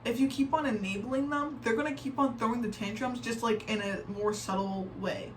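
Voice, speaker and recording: A woman's voice: on the high side, normal speed. A young adult woman reacting to online posts in casual commentary, chatty and full of "like" fillers, often exasperated. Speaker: reaction video creator. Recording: distant mic with faint background noise.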